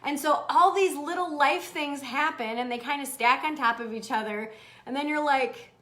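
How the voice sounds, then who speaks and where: A woman hosting a live motivational stream in a bubbly, animated manner, laughing often and swearing casually. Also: high voice, moderate pace. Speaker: host. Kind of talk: livestream motivational talk.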